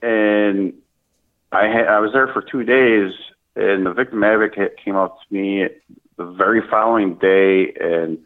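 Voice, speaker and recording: A man talking as an interview guest in an earnest, halting way with frequent restarts, heard over a remote call. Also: fairly low pitch, fairly even intonation. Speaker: guest, speaker at military events. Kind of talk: conversational interview. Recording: tinny phone-line audio.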